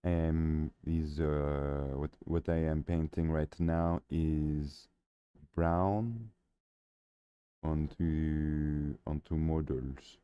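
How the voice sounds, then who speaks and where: A man putting on a vague mock foreign accent, halting and searching for words. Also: a bass voice, level tone, smooth, dry recording, muffled recording, heavily acted. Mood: deadpan.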